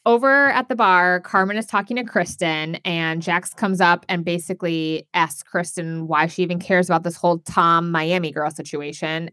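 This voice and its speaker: A woman co-hosting a podcast, recapping a reality show in casual chat, talking fast and loose with lots of fillers and swearing. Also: fairly low pitch, fairly bright tone, dry recording, clean studio sound. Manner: chatty, swears, many "like" fillers.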